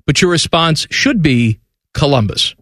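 A man's voice: lively intonation, measured pace, a bit bright, no echo, studio quality. A man hosting a casual sports radio show, reading ad copy with mock enthusiasm and joking with his co-host. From Central Ohio. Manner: reads ad copy with mock enthusiasm, mocks timid locals in a high whiny voice.

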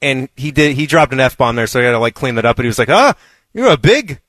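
A man's voice: mid-range voice, steady tone, racing, a bit bright, no room sound. Chuckling male radio co-host telling stories. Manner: storytelling, laughs often. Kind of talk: casual sports radio chat. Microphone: studio mic.

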